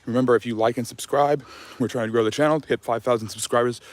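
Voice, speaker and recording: A man's voice: medium pitch, fairly even intonation, quick pace, no echo. A man hosting a casual history Q&A livestream, out of breath after a jog, rambling loosely with lots of fillers and restarts. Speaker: history channel host.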